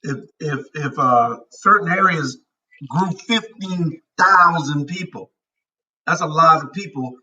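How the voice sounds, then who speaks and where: A man's voice: on the high side, takes it slowly, bright, forceful tone, muffled recording. A man hosting a casual talk show, giving blunt, emphatic opinions. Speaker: show host. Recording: distant from the mic.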